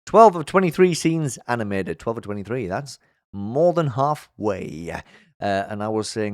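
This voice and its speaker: A man hosting a casual commentary vlog, chatty and upbeat, with lots of fillers and restarts, and his voice jumps high when he gets sincere. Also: sing-song, moderate pace, no echo, clean studio sound. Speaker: YouTube show host.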